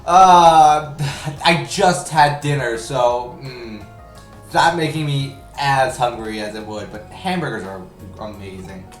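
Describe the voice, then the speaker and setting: A woman's voice: rumbling low, slow pace, echoey room, distant mic, faint music behind. A woman streamer making casual, self-deprecating asides during a game playthrough. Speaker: game streamer reading dialogue. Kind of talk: let's play commentary.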